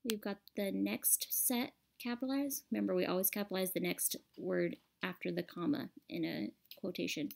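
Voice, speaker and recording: A woman's voice: medium pitch, fairly even intonation, moderate pace, gravelly, few pauses, darkish tone. A woman teacher explaining a grammar lesson patiently and step by step over a screen recording.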